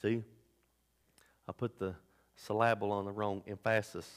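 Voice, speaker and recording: A man preaching a sermon as pastor, swinging between loud emphatic bursts and low asides. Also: little pitch movement, a little slow, smooth. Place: church sanctuary. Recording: long hall reverb.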